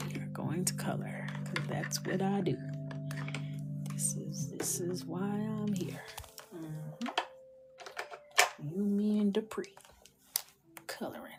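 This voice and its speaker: Low-voiced, unhurried woman chatting over music. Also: expressive. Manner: playful, chatty, talks to herself, often drops to a whisper. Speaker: coloring creator. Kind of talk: casual chat while coloring. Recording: clear music underneath.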